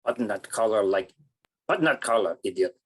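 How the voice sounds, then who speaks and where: A man voicing a gruff, bossy Russian driver with a Russian accent and clipped, broken phrasing. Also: fairly low pitch, lively intonation, fairly quick, voice pushed down. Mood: scornful.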